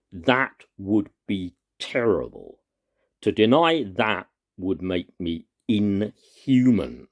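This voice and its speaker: A man giving an impassioned personal monologue to his viewers, earnest and emphatic, pausing often and stressing single words. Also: deep voice, a little mellow. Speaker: video commentator.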